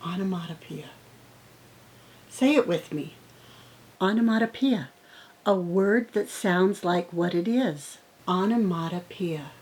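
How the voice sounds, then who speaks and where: A woman's voice: fairly low pitch, animated, rough recording. A woman teaching young children, reading aloud and acting out sound words playfully. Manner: slow, warm-up teacher talk with playful sound effects. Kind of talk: read-aloud lesson for children.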